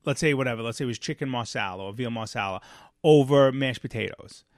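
A man's voice: mid-range voice, fast, no echo, clean studio sound. A man in his forties co-hosting a podcast, telling a story in casual chat and acting out the dialogue. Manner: animated storyteller who acts out dialogue. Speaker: podcast co-host.

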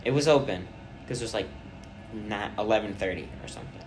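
A young man hosting a casual podcast chat, rambling through stories and trailing off quietly at the ends of thoughts. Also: fairly low pitch, fairly quick. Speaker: podcast host.

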